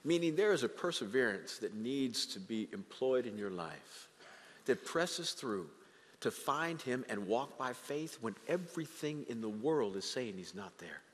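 A man preaching a sermon as pastor of his church, animated and acting out the voices of the people he quotes. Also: medium pitch, a little slow, in a large hall. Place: church sanctuary.

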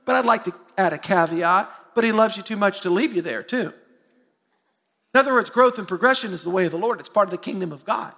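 Man, pastor, sermon, middle-aged, high voice, tense and bright, congregation call-and-response, echoing sanctuary. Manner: lively, calls on the congregation to answer back; self-mocking humor. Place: church sanctuary. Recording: long hall reverb.

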